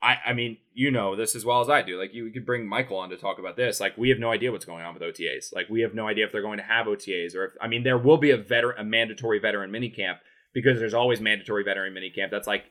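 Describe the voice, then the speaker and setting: A young man chatting on a podcast as a sports reporter, racing through a rambling story. His voice is bright and forward, and he keeps restarting sentences and piling on fillers. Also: fairly low pitch, rapid-fire. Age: young adult. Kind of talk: casual podcast chat.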